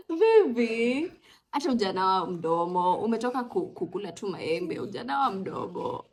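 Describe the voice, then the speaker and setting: Young mother, casual vlogger; chatty, switches between English and Swahili, very animated pitch. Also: fairly quick, few pauses. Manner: chatty, mixes English with Swahili, coos at her toddlers. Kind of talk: casual vlog chat.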